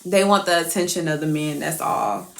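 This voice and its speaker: A woman's voice: low-pitched, moderate pace, vocal fry, reverberant. A young woman, telling a profane, exasperated storytime rant to her followers. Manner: profane, animated, exasperated, laughing. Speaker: TikTok creator.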